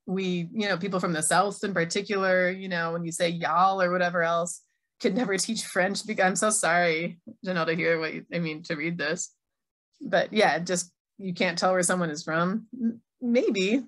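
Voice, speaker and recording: A woman's voice: lowish voice, fairly even intonation, moderate pace, a bit bright. A middle-aged woman from Minnesota with an American accent, giving a conversational keynote talk and reading audience chat replies aloud. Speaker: keynote speaker, Arabic teacher. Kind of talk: online conference keynote.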